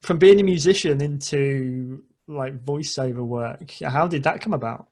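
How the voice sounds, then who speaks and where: A man's voice: medium pitch, unhurried, darkish tone. A man hosting a casual interview over a video call, talking hesitantly and repeating words. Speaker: podcast host.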